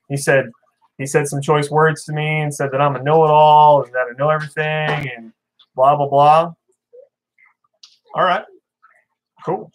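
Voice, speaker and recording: A man's voice: a little high, fairly even intonation, normal speed, pauses often, a bit bright, slight background noise, poor audio. A man hosting a casual fishkeeping livestream, reading viewer comments and talking in a blunt, opinionated, rambling way. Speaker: fishkeeping channel host.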